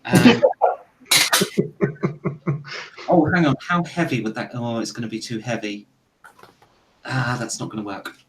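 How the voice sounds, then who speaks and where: A man's voice: mid-range voice, expressive, measured pace, long pauses. A man playing a tabletop role-playing game, thinking aloud and hesitating as he declares actions. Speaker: player. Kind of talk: casual tabletop play. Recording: distant from mic, faint noise.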